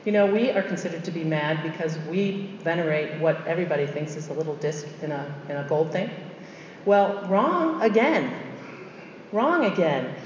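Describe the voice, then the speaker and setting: A woman's voice: low voice, fairly even intonation, fast talker, few pauses, darkish tone, a little hiss or hum. A middle-aged woman, a religious sister, giving an emphatic storytelling faith talk with conversational asides and repeated key phrases. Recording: echoey hall, dull muffled sound.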